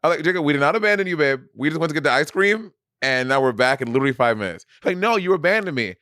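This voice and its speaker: A man's voice: on the high side, very fast, clear, resonant tone, no room sound, studio quality. A man with a Saint Lucian accent co-hosting a podcast, telling stories with lots of laughter. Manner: animated storytelling, laughs often. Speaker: podcast co-host. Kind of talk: casual chat.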